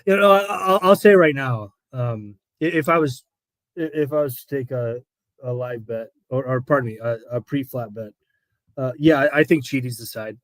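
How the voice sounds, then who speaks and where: A man's voice: mid-range voice, normal speed, dry recording. A man giving betting analysis on a live stream, talking hesitantly with many fillers and repeated words. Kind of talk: casual live-stream chat.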